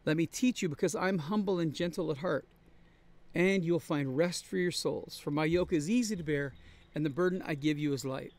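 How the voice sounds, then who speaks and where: A man with a fairly high voice preaches to his congregation. He talks in an earnest, conversational way and leans on repetition to make his points land. His tone stays steady and plain throughout the sermon. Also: moderate pace. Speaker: pastor. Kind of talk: sermon-style Bible study. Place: traveling, on the road.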